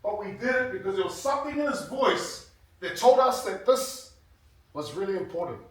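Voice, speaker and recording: A man's voice: sits high, sing-song, normal speed, fairly bright tone. Man in his 50s, earnest motivational speaker; sound is distant from the mic in a very reverberant hall. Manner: earnest storytelling, grows emotional. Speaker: guest speaker, former rugby player. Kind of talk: motivational speech to students. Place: large hall with an audience. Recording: very echoey hall, heard from afar.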